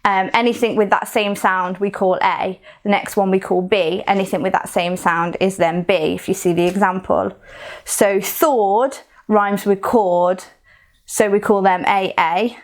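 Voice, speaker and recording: A woman's voice: medium pitch, level tone, normal speed, hardly any pauses. A woman with a Coventry accent leading a recorded poetry lesson, explaining in a chatty way with fillers and restarts. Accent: Coventry English. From Coventry, England. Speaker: poetry workshop leader.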